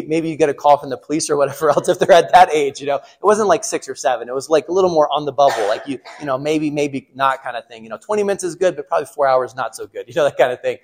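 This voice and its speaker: A middle-aged man giving a casual sermon on marriage to a class, chatty, laughing at his own stories and asking the room questions. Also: mid-range voice. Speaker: pastor or class teacher.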